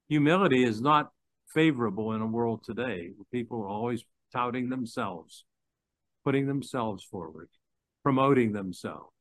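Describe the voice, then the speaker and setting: An older man delivers a sermon in a loose, conversational way, stumbling and restarting and chuckling between points. His voice sits at an ordinary middle pitch. The sound is dry, with little room echo. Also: a bit bright. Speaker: pastor.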